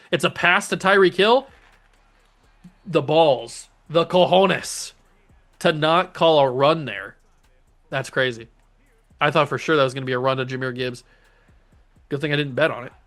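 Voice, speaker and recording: Excitable man narrating his football game. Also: a little high. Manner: animated, talks to his players and cheers plays. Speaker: gaming channel host. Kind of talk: casual let's-play commentary.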